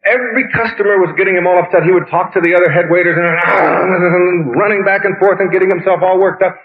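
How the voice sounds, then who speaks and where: A man giving a motivational lecture, telling stories and firing rapid questions at the listeners. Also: high-pitched. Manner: animated, asks the audience rapid questions. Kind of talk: storytelling lecture. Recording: tinny phone-like lo-fi recording.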